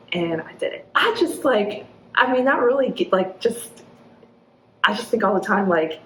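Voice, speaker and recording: A woman, chatting casually in an interview and acting out quotes in a high, laughing voice. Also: expressive, moderate pace, fairly bright tone. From Arkansas, USA. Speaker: executive director of a downtown nonprofit, interview guest. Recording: echoey room with faint ambient noise.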